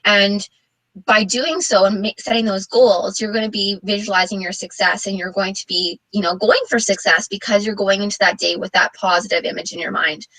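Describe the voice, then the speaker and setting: A woman's voice: medium pitch, fairly even intonation, a little fast, a bit bright, dry recording, low-quality recording. A woman coaching in a casual motivational talk, earnest and loose with fillers. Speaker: network marketing coach.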